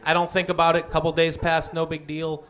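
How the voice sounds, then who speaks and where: A man's voice: a little high, completely flat delivery, a little fast. A man doing stand-up, telling a long story and acting out the other people's voices. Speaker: stand-up comedian. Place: comedy club stage with a laughing audience. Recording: live club recording, loud crowd and noise.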